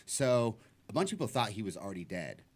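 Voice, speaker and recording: Lively low-voiced young man guest. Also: fast. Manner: laughs often, chimes in to finish lines, loose rambling explanations. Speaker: podcast guest. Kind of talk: casual chat.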